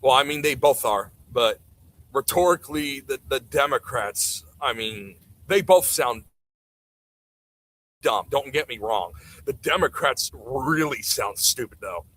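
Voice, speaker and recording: A man's voice: mid-range voice, animated, measured pace, a bit bright, low-quality recording. A man ranting bluntly and sarcastically during casual livestream commentary. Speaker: streamer.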